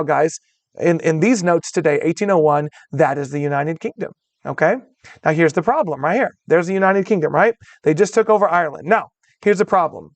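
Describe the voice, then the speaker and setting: A man's voice: high-pitched, dry recording. A man teaching a history lecture in a conversational way, calling his students "guys" and checking in with "all right?" as he goes. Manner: acts out voices of historical groups in quotes. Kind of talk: recorded classroom lecture.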